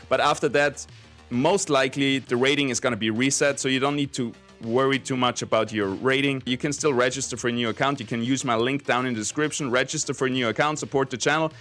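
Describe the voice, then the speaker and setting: A man's voice: mid-range voice, a bit bright. Chatty man walking through a game guide. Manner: chatty, explains step by step with 'basically' and 'let's say'. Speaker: game guide creator and streamer. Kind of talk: casual tutorial walkthrough.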